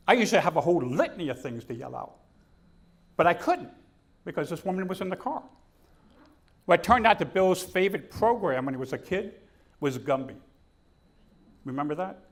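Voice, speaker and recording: A man delivers a humorous keynote at a conference, his voice sitting a little on the high side. He tells stories with energy and slips into the voices of the people he quotes. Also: brisk, long pauses. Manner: storytelling, animated, acts out quotes. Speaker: keynote speaker. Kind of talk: comedic keynote speech. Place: conference stage.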